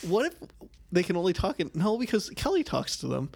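A man's voice: high voice, big pitch swings, fast, gravelly, a little mellow, breathy edge, no room sound. A man co-hosting a casual comedic chat, riffing animatedly with laughs.

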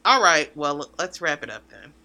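Very bright-voiced tired woman co-host. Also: sits low, very animated, moderate pace. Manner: easygoing, drawling, slangy. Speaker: podcast co-host. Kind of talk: casual chat.

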